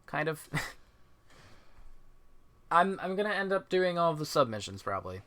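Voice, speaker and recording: A man's voice: medium pitch, expressive, moderate pace, sharp tone. A man streaming a game, reading the characters' lines aloud in character and chatting between scenes. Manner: chatty, laughs often, hams up lines with silly voices. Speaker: streamer playing and voicing game dialogue.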